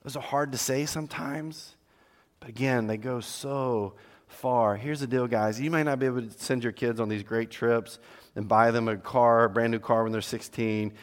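A middle-aged male pastor delivers an earnest sermon in an ordinary mid-range voice. He presses his points with loud emphasis, then softens to near-whispered tenderness. The recording carries a long reverb from a large church hall. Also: medium pitch. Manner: earnest, exhorting, swings between loud emphasis and hushed tenderness.

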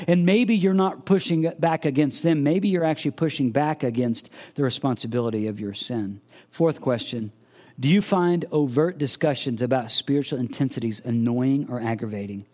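A man's voice: fairly high pitch, brisk, darkish tone. A man preaching a sermon, earnestly asking searching questions and acting out the voices of imagined listeners. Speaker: pastor.

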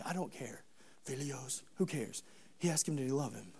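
A man preaching a sermon, telling the story in an animated, humorous, conversational way. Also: mid-range voice, moderate pace, gravelly, breathy edge.

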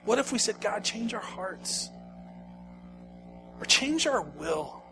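A man preaching a sermon, moving from hushed, slow lines to loud, pleading ones and repeating phrases for emphasis. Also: high voice, big pitch swings, background noise. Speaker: pastor.

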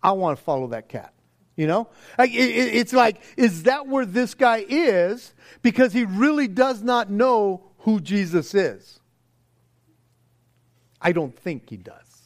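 A pastor with a high, animated voice takes his time delivering a conversational sermon. He's earnest yet casual, stammers into restarts, and often acts out the voices of those he quotes.

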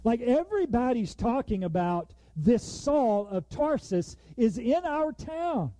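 Male preacher, conversational sermon, high and lively, plays out the quoted lines. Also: takes it slowly, no room sound.

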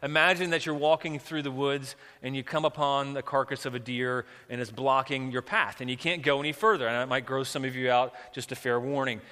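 A man's voice: mid-range voice, steady tone, brisk, few pauses, pushed and bright, smooth, long reverb tail. A man preaching a sermon as pastor, earnest and vivid as he tells a story and prays.

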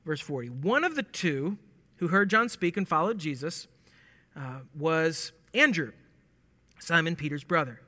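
A man with a high, very bright voice teaches through scripture in a relaxed, humorous way. He acts out the lines and laughs along. The sound carries a long reverb from a large hall. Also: unhurried. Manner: animated and joking, acting out lines with laughs. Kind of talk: casual verse-by-verse Bible teaching.

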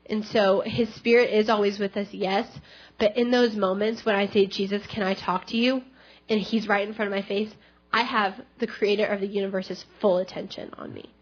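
Young woman sharing a lively testimony in a church service; muffled lo-fi recording. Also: mid-range voice, husky. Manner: chatty, animated storytelling with many fillers. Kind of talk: personal testimony.

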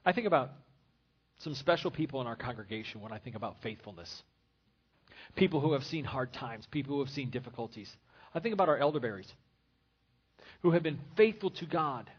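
A husky, slightly raised male voice delivers an earnest sermon, driving points home through repetition. The sound is dull and lo-fi, like an old church recording. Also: a little high. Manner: earnest preaching with repeated phrases. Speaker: pastor.

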